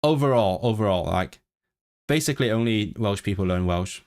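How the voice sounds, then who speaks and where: A young man from Hong Kong with a British English accent, chatting casually on a livestream and thinking aloud in halting bursts, full of restarts and self-corrections. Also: lowish voice, animated, a little mellow, no room sound, clean studio sound. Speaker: livestreamer and language learner.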